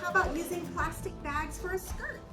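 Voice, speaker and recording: A woman kindergarten teacher reading a storybook aloud and asking the children questions in an animated way. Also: extremely high pitch, a little fast, over music, rough recording. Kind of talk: storybook read-aloud and lesson.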